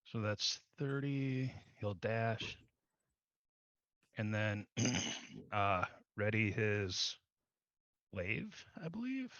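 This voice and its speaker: Man, tabletop player, slow bright delivery, dry lo-fi stream mic. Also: fairly low pitch, big pitch swings, no room sound. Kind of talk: casual tabletop game chat. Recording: dull, lo-fi stream audio.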